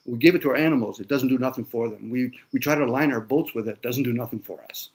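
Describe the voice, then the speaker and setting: A man's voice: medium pitch, lively intonation, fast talker, few pauses, a little hiss or hum. A man in a casual conversation, talking bluntly with lots of swearing and sarcasm. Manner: blunt, profane ranting.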